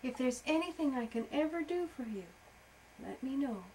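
A woman's voice: high voice, lively intonation, moderate pace, mellow, slight background noise, voice pushed up, low-quality recording. A woman voicing a rescued female butterfly in a bedtime story, gushing her thanks in a raised voice. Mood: grateful. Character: grateful pretty female butterfly, sweet and gushing.

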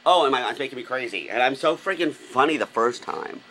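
A man's voice: mid-range voice, animated, a little fast, pushed and bright. A man hosting a comedic vlog, flamboyant and gushing, recorded on a phone. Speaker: vlogger host.

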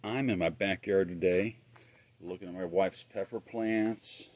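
A man's voice: sits low, steady tone, unhurried, darkish tone, no room sound. A man preaching a casual sermon outdoors in his backyard, telling folksy stories with plenty of filler words. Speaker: pastor.

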